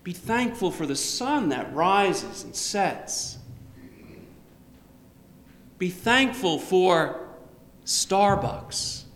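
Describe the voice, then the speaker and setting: A man preaching a sermon in a church, speaking in a slow, measured way with touches of light humor. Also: high voice, big pitch swings, creaky, fairly bright tone. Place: church sanctuary. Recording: roomy church with long reverb.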